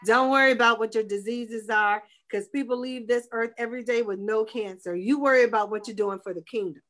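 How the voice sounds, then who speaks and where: Lively woman sharing her story. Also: on the high side, a little fast. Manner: animated storyteller, preaching faith. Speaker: guest, breast cancer advocate. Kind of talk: personal testimony in a talk show.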